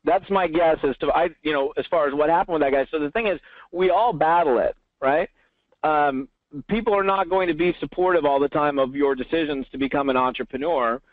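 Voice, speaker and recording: A man telling stories in an animated way during an interview, acting out the voices of people he quotes. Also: on the high side, a little fast, no room sound. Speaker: network marketing trainer, guest. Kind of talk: storytelling interview answer. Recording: tinny phone line.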